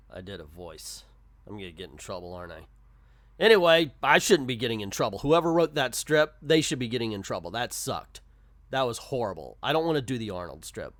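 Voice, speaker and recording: A man's voice: medium pitch, very animated, moderate pace, fairly bright tone, no echo. A man giving casual comic commentary, blunt and rambling with frequent stammers. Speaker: comic reviewer.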